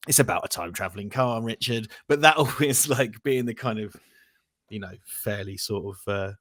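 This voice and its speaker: A man's voice: on the low side, moderate pace, bright, forceful tone, no echo. Rambling man, dry sound. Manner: rambling, thoughtful, swears casually. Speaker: podcast co-host. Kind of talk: casual film review chat.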